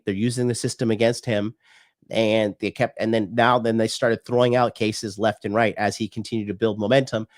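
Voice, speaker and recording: A man from the United States, a dating coach hosting a livestream, talking in a blunt, profane, preachy rant. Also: medium pitch.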